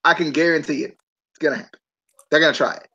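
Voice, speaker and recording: A man hosting a podcast in a casual chat, animated and given to incredulous outbursts. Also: on the high side, quick pace, husky. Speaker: podcast host. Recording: dull lo-fi mic.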